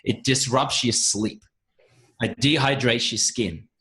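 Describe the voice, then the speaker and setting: A middle-aged Australian man, a podcast guest, talking in a brisk, confident, punchy way. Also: mid-range voice, a bit bright. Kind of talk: casual interview talk.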